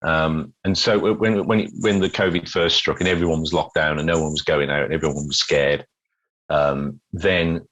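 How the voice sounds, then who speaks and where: A middle-aged British busker, appearing as a guest in a casual interview, tells stories at a normal pace in a very deep voice. He's an animated storyteller who often repeats words and acts out the quotes he relays. The recording sounds muffled.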